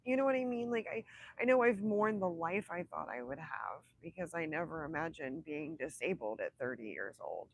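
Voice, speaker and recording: A woman's voice: sits low, sing-song, moderate pace, breathy edge, rough recording. A woman in her thirties hosting a casual livestream chat with viewers, heartfelt and emotional, often dropping to a whisper. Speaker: livestream host.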